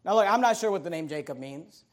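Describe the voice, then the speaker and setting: High-voiced male preacher. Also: expressive, fast talker. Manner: emphatic, reads scripture aloud with stress. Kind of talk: sermon.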